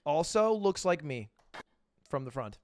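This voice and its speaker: A man's voice: fairly high pitch, sing-song, unhurried, a little hiss or hum. A man in his twenties hosting a stream, joking in casual chat and laughing often. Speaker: streamer host. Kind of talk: casual chat while reacting to posts.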